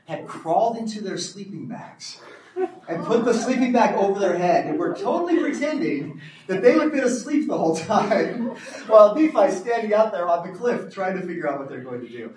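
Man, animated storyteller, talk to a homeschool community, slightly high voice, roomy distant sound. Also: normal speed, a little hiss or hum. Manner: animated storyteller, acts out quotes, chuckles. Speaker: speaker at a homeschool community event. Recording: roomy, distant mic, faint ambience.

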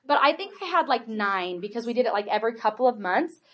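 A high-pitched woman in her forties speaks to a live audience as a homeschool presenter. She talks in a chatty way, filling her sentences with "like" and checking in with "right?" and "okay?". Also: big pitch swings, fast. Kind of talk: workshop talk to an audience.

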